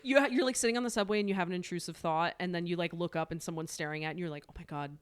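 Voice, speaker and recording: A woman co-hosting a casual book podcast, chatty and quick to laugh, often restarting her sentences. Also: lowish voice, smooth. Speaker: podcast co-host.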